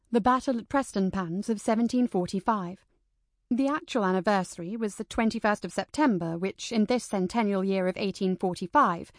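A woman reading a historical novel aloud in a measured, even storytelling manner, close to the mic. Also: a little high, no echo. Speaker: audiobook narrator. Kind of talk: scripted narration of a historical novel.

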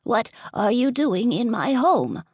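In an audiobook, a woman puts on a gravelly, breathy fairy godmother, an older woman who is sharp and exasperated. She talks slowly and her lowish voice swoops up and down. The sound is dry and close. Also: very animated, no echo, full character voice. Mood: indignant. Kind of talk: audiobook character voice.

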